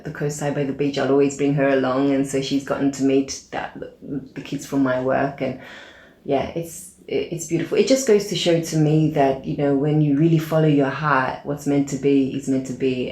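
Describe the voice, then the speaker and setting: A woman who founded an aid organization appears as a podcast guest in a casual storytelling interview. She has a low voice and is an animated, chatty storyteller who acts out quoted dialogue and uses many fillers, in a room with an echo.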